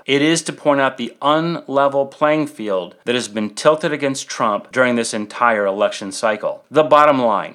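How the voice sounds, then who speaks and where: A man hosting a podcast, reading prepared political commentary in an emphatic, measured way with rhetorical questions. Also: mid-range voice, fairly bright tone. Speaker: podcast host.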